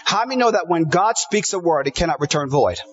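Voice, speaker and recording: Man, pastor, sermon, emphatic repetition, high voice, lo-fi sound. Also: expressive, fairly quick. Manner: emphatic preaching with repeated lists and quoted scripture.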